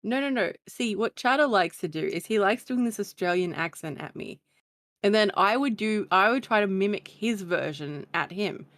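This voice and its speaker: A woman's voice: mid-range voice, lively intonation, moderate pace, fairly bright tone, no room sound. A woman guest in a casual stream chat who laughs often and talks with animation.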